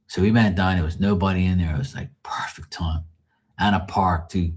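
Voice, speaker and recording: A man's voice: deep voice, steady tone, fairly quick. A man hosting a live tarot stream, telling rambling family stories full of swearing and laughing asides. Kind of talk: casual storytelling livestream.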